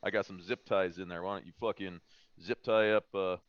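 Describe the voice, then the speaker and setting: A man voicing a gruff, foul-mouthed male ex-military tough guy in an online tabletop game, cursing and barking orders over a dull, dry mic. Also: low voice, steady tone, fairly quick, no echo, close to an everyday voice. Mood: bossy. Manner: swears constantly, barks orders.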